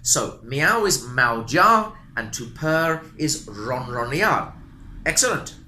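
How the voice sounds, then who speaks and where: Lively, slow-talking male English teacher. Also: medium pitch, a little hiss or hum. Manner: slow, repetitive teaching, animated intonation. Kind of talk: beginner language lesson. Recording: roomy echo.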